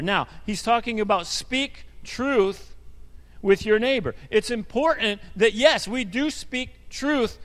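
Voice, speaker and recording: A male pastor with a notably high voice delivers a sermon in an easy, conversational way, stumbling over repeated words and throwing in asides. His voice rings out with the long reverb of a church sanctuary. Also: takes it slowly, fairly bright tone. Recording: hall reverb.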